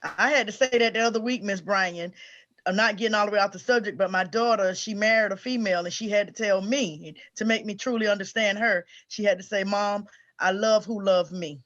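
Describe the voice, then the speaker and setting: A woman's voice: medium pitch, fairly even intonation, brisk, a bit bright, dull audio. A woman on a discussion panel, speaking in a heartfelt, affirming way. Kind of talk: casual discussion.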